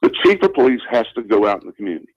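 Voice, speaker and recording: A man's voice: on the low side, very animated, racing, no echo. An older man from the Southern United States with a Southern accent, a former school principal telling a story as a guest on a talk radio show, earnest and emphatic, repeating phrases for stress. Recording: muffled lo-fi radio broadcast.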